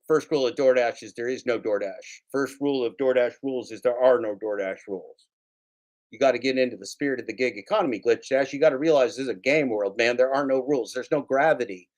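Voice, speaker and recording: A man in an ordinary middle pitch holds forth on his livestream, dry and mocking. He swears freely and loops back over the same phrases. The delivery is loose and conversational. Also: fast talker. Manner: sarcastic, profane, repeats his lines. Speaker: livestream host. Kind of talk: casual livestream rant.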